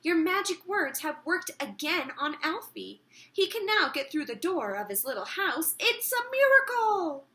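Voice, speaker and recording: A woman doing a shrill, gushing older lady. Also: very animated, moderate pace, pushed and bright, heavily acted. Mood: excited.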